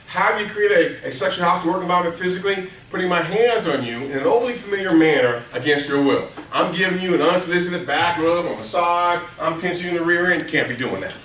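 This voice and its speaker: Animated middle-aged man presenting in an echoey room. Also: fast, few pauses, recorded from a distance, a little hiss or hum. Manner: storytelling, asks the audience questions, acts out quotes in a high excited voice. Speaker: seminar presenter. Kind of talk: animated training lecture to a live room. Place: conference room with an audience. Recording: echoey room, speaker away from the mic.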